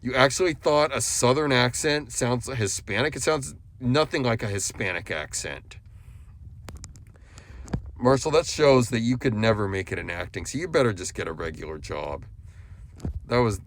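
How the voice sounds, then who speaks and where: A man's voice: mid-range voice, animated, measured pace, long pauses, a little hiss or hum. Scolding, contemptuous man lecturing into the mic. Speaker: YouTube commentator. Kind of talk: scolding monologue addressed to another YouTuber.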